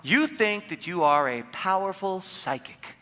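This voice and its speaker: Bright-voiced animated man in a hall. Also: high-pitched, unhurried. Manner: animated storyteller, playful, acts out quotes. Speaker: seminar speaker. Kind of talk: motivational seminar talk. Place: large hall with audience.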